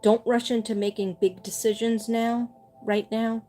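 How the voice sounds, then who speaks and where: Mellow-voiced woman giving gentle psychic readings. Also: fairly high pitch, flat delivery, measured pace, soft background music. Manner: gentle, reassuring, relays messages with repetition. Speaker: psychic medium. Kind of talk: livestream spirit reading.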